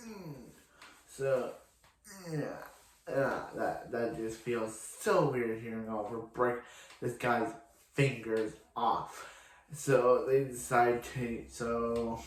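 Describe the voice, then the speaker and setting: A man's voice: mid-range voice, slight background noise. A man casually recapping a TV episode as a reviewer, rambling with lots of restarts and fillers. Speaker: TV show reviewer. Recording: echoey room.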